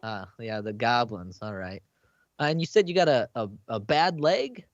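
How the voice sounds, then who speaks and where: Lively, blunt tabletop player man. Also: mid-range voice, normal speed, dry recording. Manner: blunt and menacing in character. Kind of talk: tabletop role-play. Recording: dull lo-fi stream audio.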